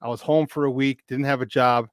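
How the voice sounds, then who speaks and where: A man in his fifties spins a loose, animated story as a podcast guest, circling back and restarting his sentences. His pitch sits mid-range for a man. The sound is dry and close, with no room around it. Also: brisk, clean tone, dry recording. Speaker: podcast guest, football expert. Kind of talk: casual storytelling.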